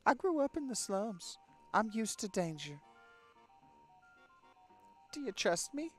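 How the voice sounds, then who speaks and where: A man doing a tough young slum woman, high and lilting. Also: very animated, slow pace, faint music behind, full character voice. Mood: confident. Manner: high put-on female voice. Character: young woman fighter from the slums, sure of herself. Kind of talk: voicing game dialogue while playing.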